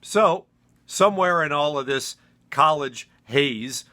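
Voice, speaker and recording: A man's voice: a little high, animated, takes it slowly, sharp tone. A man telling a personal story in a casual, rambling, self-deprecating way with many fillers.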